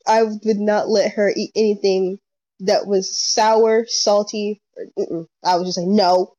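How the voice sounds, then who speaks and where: A young woman telling a story in casual chat, acting out what people said, animated. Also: mid-range voice, unhurried, dry recording. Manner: animated storyteller, acts out quotes. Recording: dull lo-fi sound.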